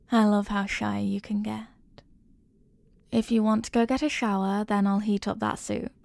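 A woman voicing a clingy, possessive young girlfriend in a whispered role-play, soft and doting. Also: mid-range voice, steady tone, a little slow, vocal fry, pauses often, no room sound.

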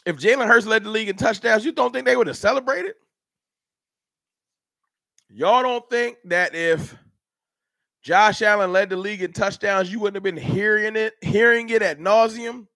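High-pitched, fired-up fan show host. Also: male voice, normal speed, pauses often, bright, forceful tone, no echo, studio quality. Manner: heated, rhetorical, talks straight to chat. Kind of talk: animated live-stream sports rant.

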